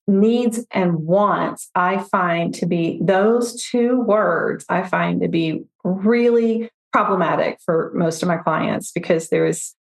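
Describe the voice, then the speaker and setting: A woman, a financial therapist, talking through her approach in a relaxed podcast conversation, often giving examples and voicing her clients. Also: fairly low pitch, slow pace, vocal fry, few pauses, reverberant. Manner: reflective, explains with examples and quoted client voices.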